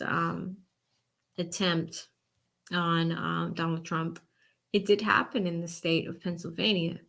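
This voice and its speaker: A woman from Boston with a Boston accent, hosting a live election-night stream and chatting casually with her viewers. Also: lowish voice. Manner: animated, chatty, addresses chat directly. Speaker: livestream host.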